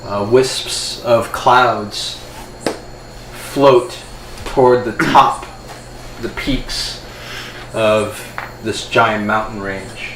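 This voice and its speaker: A man narrating a tabletop role-playing game as its game master, in a steady storytelling manner. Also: on the low side, extremely slow, pauses often. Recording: echoey room, faint ambient noise.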